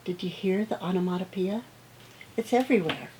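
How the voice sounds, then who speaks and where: A middle-aged woman teacher reading picture books aloud to children, acting out the sound words with animated expression. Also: on the low side, a little hiss or hum, low-quality recording. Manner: slow, gentle pace.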